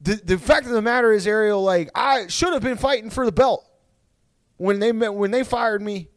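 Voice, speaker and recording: A man's voice: moderate pace, dry recording, studio quality, close to an everyday voice. A man doing an impression of a sullen, resentful male fighter who complains bluntly. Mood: bitter. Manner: whiny, resentful, high-pitched.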